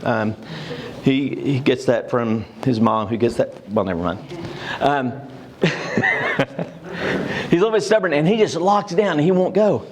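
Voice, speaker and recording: Older male church class facilitator, mid-pitched, halting storyteller with many fillers. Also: a little mellow, a little hiss or hum. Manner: storytelling, with frequent fillers and restarts.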